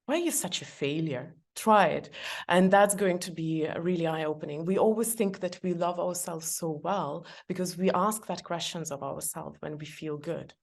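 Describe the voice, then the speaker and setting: Middle-aged female podcast guest with a gravelly, lowish voice, chatty and given to laughter. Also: moderate pace. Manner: warm, laughs often, gives practical advice. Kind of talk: podcast conversation.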